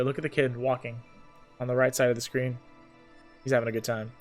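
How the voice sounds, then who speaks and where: A man's voice: mid-range voice, level tone, fairly quick, faint music behind. A man streaming a video game, making crude joking asides and reading the dialogue aloud. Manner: casual, profane, joking asides. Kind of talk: live gameplay commentary and read-aloud dialogue.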